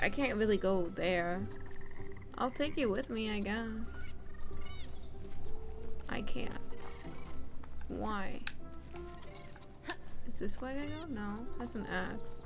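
A woman's voice: on the high side, expressive, takes it slowly, pauses often. A young woman streamer chatting and swearing casually as she plays a game and talks to its characters. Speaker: gaming streamer. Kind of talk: casual let's-play commentary. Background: game music.

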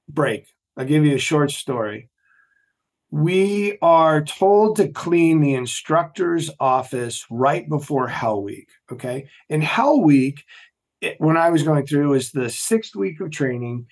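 Male podcast guest, lively storyteller, voice sits a touch high. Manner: animated storyteller, acts out quoted voices. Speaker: podcast guest, former Navy SEAL. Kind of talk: storytelling interview talk.

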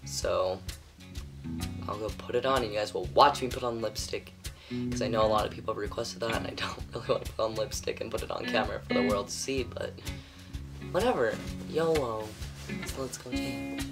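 A young man vlogging casually, awkward and self-deprecating, often mumbling softly. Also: fairly low pitch, fairly quick, over music. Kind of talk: casual home vlog.

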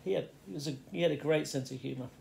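Telling a meandering childhood story in his kitchen for a casual vlog, this middle-aged Fenland man speaks fast in a voice on the high side, gravelly yet a little mellow. He keeps breaking off mid-thought, with faint radio music and slight background noise behind him.

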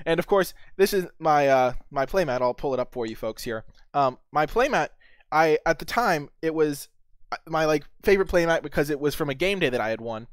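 A young man casually telling a story to camera, rambling with many fillers and restarts as he gets excited. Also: a little high, fairly quick, smooth, dry recording. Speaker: channel host.

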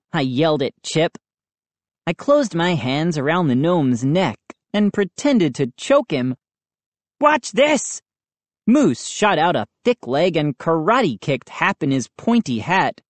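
Slow, lively woman narrating a storybook. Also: deep voice, no echo. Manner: expressive, dramatic. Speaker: audiobook reader.

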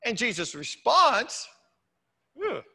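A man preaches from the pulpit in a high, ringing voice. His tone stays casual and chatty, with dry humorous asides. The church around him adds a long, lingering reverb. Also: sing-song, slow, vocal fry, bright, forceful tone. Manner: conversational, with wry humorous asides. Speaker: pastor. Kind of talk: sermon. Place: church sanctuary.

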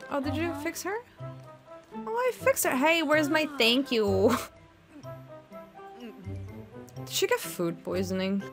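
A woman's voice: sits high, animated, slow pace, pauses often. A young woman in her twenties giving casual, giggly commentary while playing a life-sim game. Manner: giggly, chatty, laughs often. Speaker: Sims gameplay streamer. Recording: music playing behind.

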